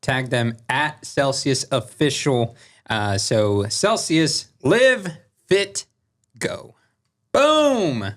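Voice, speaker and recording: Male podcast host, casual, halting filler-heavy delivery. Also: mid-range voice, very animated, a bit bright. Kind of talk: casual chat with sponsor read.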